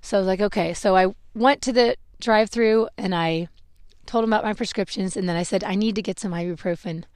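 A woman's voice: medium pitch, brisk, a little mellow, smooth, no echo, studio quality. A middle-aged woman hosting a podcast, telling a personal story in a candid, rambling, self-reflective way. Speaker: podcast host.

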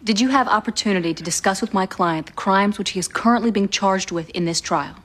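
An actress playing a composed female defense attorney questioning a witness in a TV legal drama, formal and measured. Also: mid-range voice, a bit bright, lightly acted.

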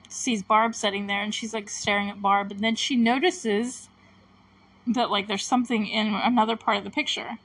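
A woman's voice: fairly high pitch, a bit bright, no room sound, poor audio. Chatty young woman podcaster, dry sound. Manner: chatty, giggly, retells scenes with quoted lines. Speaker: podcast host recapping a TV episode. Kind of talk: casual chat.

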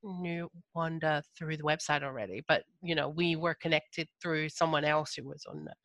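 A woman's voice: sits low, fairly even intonation, moderate pace, fairly bright tone, dry recording. A Scottish woman with a slight cold, talking casually in an interview, chatty and full of small hesitations. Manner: chatty, hesitant with frequent ums and restarts. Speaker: podcast host and interviewee.

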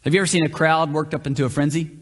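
Under a hall's long reverb, a male pastor with a fairly high, steady voice races through a conversational sermon, though he varies his pace. He often asks the room questions from the church hall.

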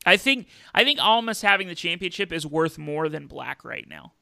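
Bright, gravelly man talking wrestling. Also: sits high, lively intonation, moderate pace, no echo. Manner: chatty, with many fillers and restarts. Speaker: podcast host. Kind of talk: casual wrestling talk.

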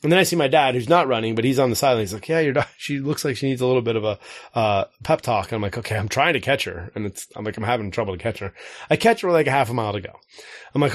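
A man in his forties chats loosely, winding through a family story and slipping into the voices of the people in it. His pitch sits in an ordinary middle range. The sound is dry and close to the mic. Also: expressive, fast, no echo. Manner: rambling storyteller, acts out quotes. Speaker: podcast co-host. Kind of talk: casual chat.

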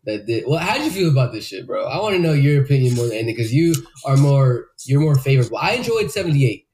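A man hosts a loose movie chat and laughs often. His banter is slangy and excitable, with a mid-range voice. He sounds casual throughout. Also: medium pitch, quick pace, slight background noise, rough recording. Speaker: podcast host.

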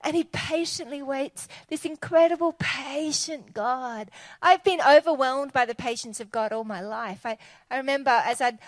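Woman preacher, high voice, animated and chatty, dry close sound. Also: dry recording. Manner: animated, conversational, enthusiastic. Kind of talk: sermon.

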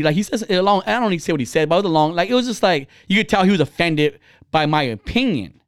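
High, lively man telling a candid story. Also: racing, no room sound, clean studio sound. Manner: candid, rambling, with frequent restarts and laughs. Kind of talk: casual storytelling chat.

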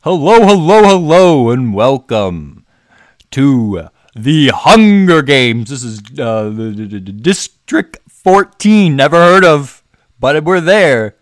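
A man doing a booming high games announcer. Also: sing-song, dry recording, clean studio sound. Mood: bombastic. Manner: shouted, drawn-out showman delivery. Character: booming over-the-top male games announcer.

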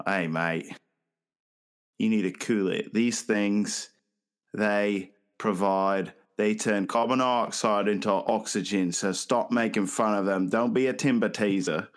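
Put-on Australian accent, man doing a joking bloke, mock-stern, lowish voice. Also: fairly even intonation, measured pace, natural voice. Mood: mock-scolding.

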